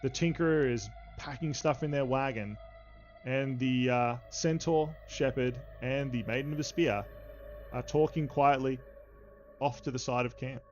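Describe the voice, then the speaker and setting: A man narrating as game master of a tabletop game, with many halting fillers, in a slightly dull recording with faint music behind. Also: mid-range voice.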